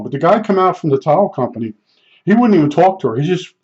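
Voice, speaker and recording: A man's voice: a little high, big pitch swings, fast talker, darkish tone. An older man telling rambling, blunt stories in a vlog, with frequent restarts. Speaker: vlogger. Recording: dull lo-fi sound.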